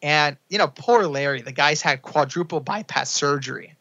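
Young male guest storyteller, bright forceful voice, dull lo-fi sound, acts out quotes. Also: normal speed. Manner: acts out quotes in a high excited voice. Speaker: podcast guest, author. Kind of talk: animated storytelling.

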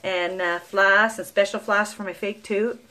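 This young vlogger and mother from Newfoundland, Canada, has a mid-range voice that is bright and forceful, with a steady tone and an unhurried pace. She speaks with a thick Newfoundland English accent in a casual, chatty monologue to camera. She wanders through stories, curses freely, and frequently bursts out laughing.

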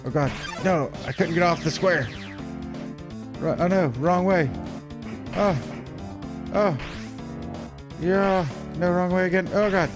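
A man commentating a video game as he plays, excitable and panicky, talking to himself, with game music behind him. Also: high-pitched, slow, pauses often. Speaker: let's play host.

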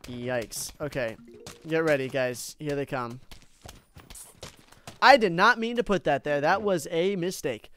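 Excitable young man narrating gameplay. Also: on the high side, a little slow, long pauses, a little hiss or hum. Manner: excitable, talks to viewers as "guys", swings from hype to gloom. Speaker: gaming YouTuber. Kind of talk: casual gameplay commentary.

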